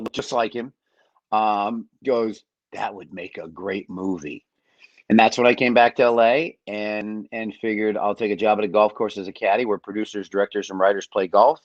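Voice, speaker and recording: Animated storytelling man, low voice. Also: no room sound, muffled recording. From Michigan. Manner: animated storyteller, acts out quotes, swears freely. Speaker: guest. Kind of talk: storytelling on a sports podcast.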